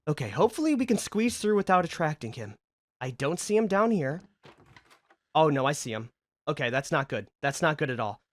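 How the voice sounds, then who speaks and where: A man giving casual, excitable commentary as he plays a video game. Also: a little high, a little fast, dry recording. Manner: chatty, excitable reactions. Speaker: gaming video creator.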